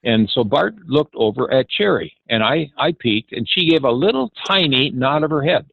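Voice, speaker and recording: A man's voice: medium pitch, expressive, gravelly, no room sound, dull audio. A man in his eighties telling an anecdote, with frequent hesitations and acted-out dialogue. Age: 80s. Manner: halting, many hesitations, acts out dialogue. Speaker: ranch founder telling his story. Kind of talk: storytelling anecdote.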